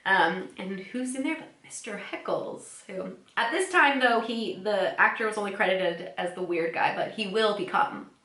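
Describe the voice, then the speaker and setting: Podcast co-host, female, casual and giggly, bright tone, echoey room. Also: mid-range voice, normal speed, hardly any pauses. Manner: chatty, giggly, many "um"s, acts out quoted lines. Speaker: podcast co-host recapping episodes. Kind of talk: casual chat.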